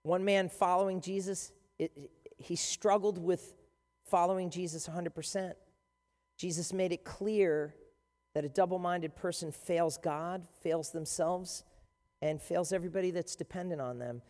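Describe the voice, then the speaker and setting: A pastor delivers an animated, emphatic sermon, retelling scenes with punchy emphasis. The voice carries a long hall reverb that marks a large church space. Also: mid-range voice, unhurried.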